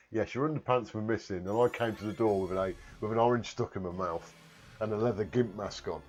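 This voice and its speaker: A man's voice: lowish voice, moderate pace, long pauses, faint music behind. A man with a Warwickshire accent, chatting casually on a live stream while reading viewer comments, rambling and joking at himself. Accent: Warwickshire English. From Warwickshire, England. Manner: rambling, self-mocking, swears casually.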